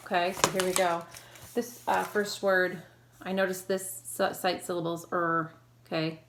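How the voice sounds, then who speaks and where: A woman's voice: fairly low pitch, little pitch movement, unhurried, a bit bright, slight background noise. Encouraging woman teacher leading a reading drill. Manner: encouraging, prompting and praising. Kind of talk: recorded reading lesson for children.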